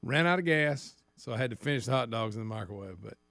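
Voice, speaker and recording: Gravelly laid-back co-host. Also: male voice, medium pitch, expressive, fast talker, fairly bright tone, no room sound. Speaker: radio co-host. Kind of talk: casual morning-show banter.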